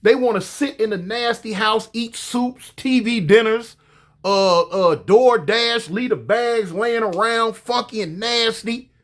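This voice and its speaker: A man telling a story casually, animated and profane, often stammering and repeating himself. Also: sits high, slow pace.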